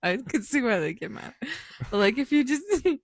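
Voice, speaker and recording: A woman's voice: a little high, lively intonation, moderate pace, dry recording. A woman co-hosting a casual podcast, teasing her partner and giggling often. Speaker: podcast co-host. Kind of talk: casual chat.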